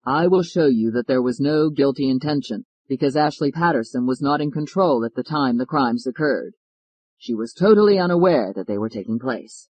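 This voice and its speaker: A man voicing a hoarse, feverish defense lawyer. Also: medium pitch, lively intonation, normal speed, a little mellow, lightly acted, low-quality recording. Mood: earnest.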